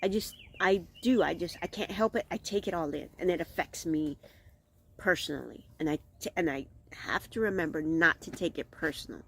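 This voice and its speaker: A woman's voice: fairly low pitch, normal speed, creaky, slight background noise. A middle-aged woman hosting a casual vlog outdoors, talking candidly and rambling, often restarting her thoughts. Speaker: vlog host. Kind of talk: casual reflective vlog monologue.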